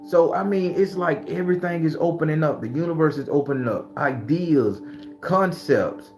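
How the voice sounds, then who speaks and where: A man hosting a live stream as a tarot reader, chatting casually with viewers in an animated, profane way, laughing often and slipping into preachy pep talks. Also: on the high side, normal speed, faint music behind.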